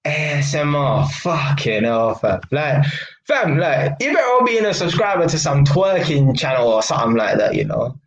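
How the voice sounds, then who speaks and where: A man's voice: fairly high pitch, very animated, normal speed, highs cut off, a little hiss or hum. Blunt young man with slang. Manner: blunt and mocking, London slang, frequent laughs. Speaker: live stream host. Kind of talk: casual live stream chat. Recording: echoey room.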